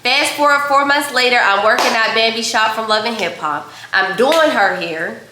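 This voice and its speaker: A young woman from Pittsburgh, a hairstylist, telling a story casually to her viewers while she cooks in her kitchen, chatty and animated. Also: fairly high pitch, moderate pace, roomy sound, noisy background. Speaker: vlogger and hairstylist. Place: home kitchen.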